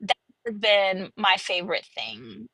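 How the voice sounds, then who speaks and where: A woman in her thirties, an author chatting in a podcast interview, who tells lively stories, laughs often and acts out quotes. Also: medium pitch, measured pace, dry recording, poor audio. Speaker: author guest.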